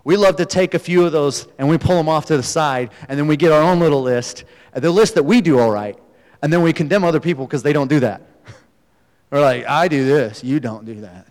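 Male pastor, casual sermon, animated storytelling, long hall reverb. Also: fairly high pitch, fast talker.

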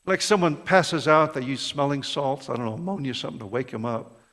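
A man's voice: mid-range voice, expressive, brisk, a bit bright. Impassioned man preaching in an echoing hall. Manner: impassioned, rhetorical questions, repeats words. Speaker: pastor. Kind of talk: sermon. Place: church sanctuary. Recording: long reverb of a large hall.

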